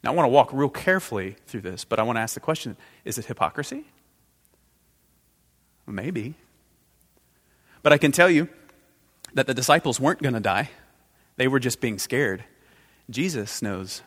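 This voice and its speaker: A male pastor delivering a sermon with dramatic force, dropping to a hushed intensity and then swelling again. His pitch sits in an ordinary middle range. The long reverb of a large hall trails behind every phrase. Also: lively intonation, normal speed, pauses often. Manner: dramatic, swings between loud outbursts and hushed intensity.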